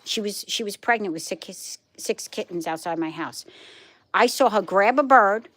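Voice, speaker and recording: A woman's voice: medium pitch, expressive, moderate pace, fairly bright tone. Chatty Brooklyn woman live-streaming. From Brooklyn, New York. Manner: chatty, emphatic, repeats herself. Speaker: livestream host. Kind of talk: casual live chat with viewers.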